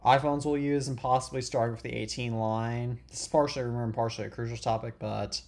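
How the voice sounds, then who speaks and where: A man's voice: mid-range voice, steady tone, quick pace, gravelly, darkish tone. A teenage boy hosting a casual tech podcast, rambling with many restarts and dry sarcastic quips. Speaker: podcast host.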